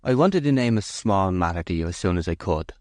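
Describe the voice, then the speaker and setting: A man's voice: deep voice, animated, a little fast, a little mellow, no room sound, studio quality. A man voicing Gabriel Oak, a shy and steadfast farm manager, in an audiobook reading. He speaks with hesitation, in plain words. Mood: hesitant. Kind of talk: audiobook character voice.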